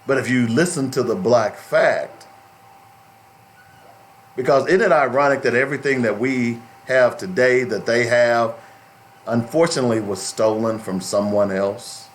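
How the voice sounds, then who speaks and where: A man's voice: mid-range voice, unhurried, a little hiss or hum. A middle-aged man hosting a talk radio show, speaking in an emphatic, preachy way and repeating phrases for stress.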